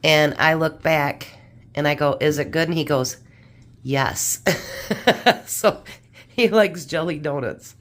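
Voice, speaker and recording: A chatty home-cooking vlogger, a woman with a low, deep-set voice. She talks easily to her viewers as she assembles and tastes food in her kitchen, keeping a homey, unhurried tone. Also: a bit bright. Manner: chatty, homey, talks while eating and tasting. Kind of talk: casual cooking chat to camera.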